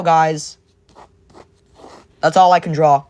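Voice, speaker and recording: A man's voice: on the high side, moderate pace. A young man chatting casually with his viewers while drawing, rambling and joking around. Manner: rambling and goofy, jumps between silly voices and whispers. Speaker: streamer.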